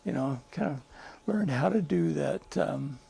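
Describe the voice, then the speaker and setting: An older man speaks to a group with a high voice full of grit and gravel. He tells stories earnestly and with emphasis, stopping to restart his sentences. His voice is husky. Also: expressive, measured pace, mellow. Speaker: psychologist and guest speaker. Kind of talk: speaking to a live group, storytelling.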